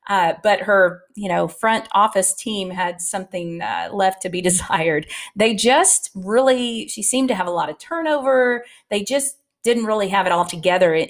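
A middle-aged woman talking casually and candidly to practice teams, giving advice and telling stories with plenty of filler words. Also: mid-range voice.

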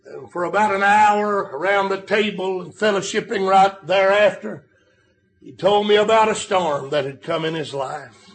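High-voiced older preacher shouting emphasis. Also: male voice. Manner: storytelling, rising to shouted emphasis. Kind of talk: sermon.

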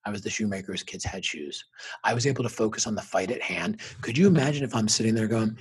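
A middle-aged man with a strongly husky, rough-edged, lowish voice speaks quickly as an interview guest, telling an emotional personal story. Like a motivational speaker, he is emphatic and intense, hammering his points home with punchy, repeated phrases.

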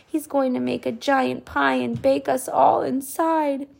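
Woman doing a scared small boy, shrill and panicky, storybook. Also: steady tone, a little slow, creaky, darkish tone, exaggerated voice. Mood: panicked. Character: frightened little boy villager.

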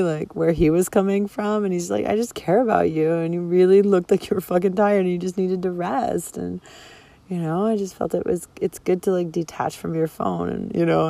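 A woman's voice: lowish voice, gravelly, mellow, dry recording. A young woman vlogger telling a personal story candidly, emotional and swearing freely, with lots of fillers. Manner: frank, emotional, swears a lot, filler-heavy.

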